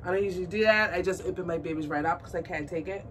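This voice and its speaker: Squealing and gushing with delight, a woman chats to her viewers while unboxing a doll on her vlog. Her voice sits on the low side and she talks very fast. The mic is distant, with faint background noise.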